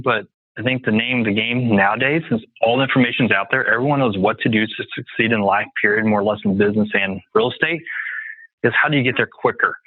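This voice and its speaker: A real estate investor appears as a guest in a casual interview, and his medium-pitched voice comes over a dry, tinny, phone-like line. He speaks confidently and emphatically, often laying out his points as lists.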